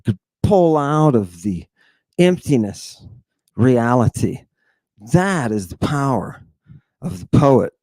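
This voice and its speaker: A man giving a theatrical lecture on ancient texts, firing off rhetorical questions and dropping into hushed tones. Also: mid-range voice, no room sound. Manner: dramatic, rhetorical questions, sudden hushed drops.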